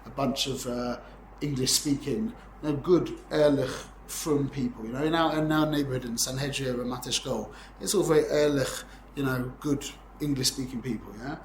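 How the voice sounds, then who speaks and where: A man's voice: mid-range voice, fairly even intonation, moderate pace, reverberant, slight background noise. A man in his forties giving an informal Torah class, talking in a rambling, conversational way and often checking in with "yeah?". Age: 40s. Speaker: Torah teacher.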